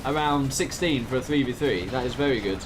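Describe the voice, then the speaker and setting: A man's voice: mid-range voice, fairly quick, background noise. A man, casting a strategy game tournament in a chatty, laughing commentary style. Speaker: game caster. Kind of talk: casual esports commentary.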